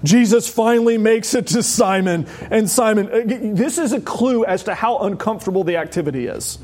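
A man preaching a sermon as pastor, animated and wry, often laughing as he explains a passage. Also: high voice, a little fast.

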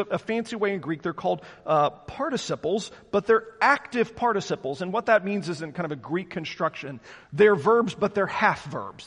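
A man's voice: high-pitched, fairly bright tone, long reverb tail. A male pastor preaching a sermon to his congregation, explaining scripture in an earnest way. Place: church sanctuary.

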